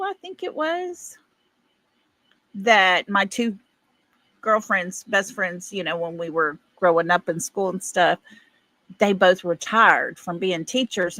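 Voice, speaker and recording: A middle-aged woman with an East Texas accent runs a livestream, reading comments and chatting with viewers in a folksy, casual way with frequent laughter. Her voice is lowish and a bit bright, with no room sound.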